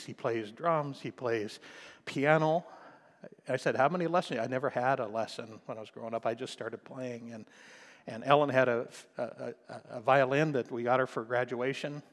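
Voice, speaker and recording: An older man preaches in a church, telling family stories with a folksy touch and rising to emphatic bursts. His voice sits at a middle pitch. It rings with a long reverb from the sanctuary around him. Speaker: pastor. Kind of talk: sermon.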